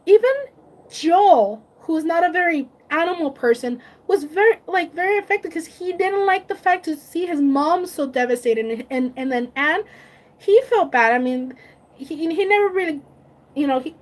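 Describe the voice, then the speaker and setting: A woman vlogger chatting casually on a live stream, emotional and tearful, gushing and laughing often. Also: high voice.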